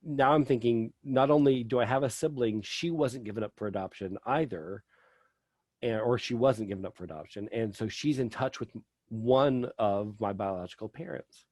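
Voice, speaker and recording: A man's voice: medium pitch, moderate pace, a little mellow, no room sound. A middle-aged man telling a personal story as a podcast guest, rambling with lots of fillers.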